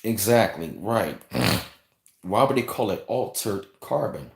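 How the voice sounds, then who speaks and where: Low-voiced man rambling in an echoey room. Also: very animated, slow pace, gravelly. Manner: rambling, conversational, repeats phrases, reads and thanks viewers. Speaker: channel host reading live chat. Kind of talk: casual livestream chat.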